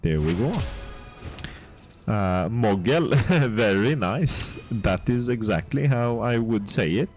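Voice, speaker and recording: A male game streamer with a lowish voice chats slowly and casually as he plays. He rambles, filling pauses with ums and uhs. Soft game music sits under his talk. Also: expressive. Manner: laid-back, rambling, with frequent ums and uhs. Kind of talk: casual gameplay commentary.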